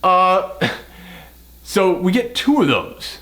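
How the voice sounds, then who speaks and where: A man's voice: sits high, sing-song, slow, bright, forceful tone. A man co-hosting a movie review podcast in casual, joking chat, swearing freely.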